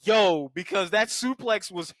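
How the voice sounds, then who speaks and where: A man co-hosting a movie podcast, animated and profane, acting out monster lines in silly voices during casual chat. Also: high voice, moderate pace, dry recording. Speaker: podcast co-host.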